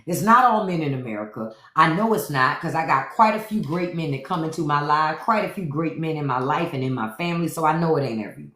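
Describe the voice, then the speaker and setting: A woman's voice: deep voice, lively intonation, quick pace, hardly any pauses, a bit bright, echoey room. A woman host giving blunt, profane commentary to livestream viewers, repeating her points. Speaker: podcast host.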